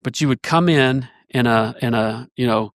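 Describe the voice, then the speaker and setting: A man, a church elder, telling a long story in a casual podcast conversation, rambling and animated with many restarts. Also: mid-range voice, normal speed, dry recording, clean studio sound.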